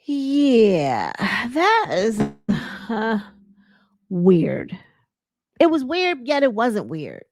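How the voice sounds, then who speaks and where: A chatty woman recapping a reality show in an easygoing, unhurried way. Her pitch swoops up and down as she retells scenes with animated asides. The sound is dry and close. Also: no echo. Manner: chatty, animated retelling with acted quotes and laughs.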